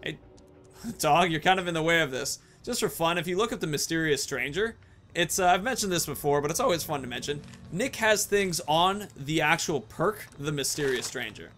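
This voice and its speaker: A man's voice: fairly high pitch, expressive, moderate pace, a bit bright, soft background music. A man casually commenting over gameplay, chatty and jokey. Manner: chatty, jokey, laughs often.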